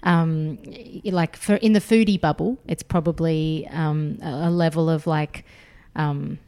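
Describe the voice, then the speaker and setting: A woman's voice: sits low, fairly even intonation, unhurried, mellow, smooth. An Australian woman in her thirties, a food author chatting enthusiastically as a podcast guest, with plenty of fillers. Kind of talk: casual podcast interview.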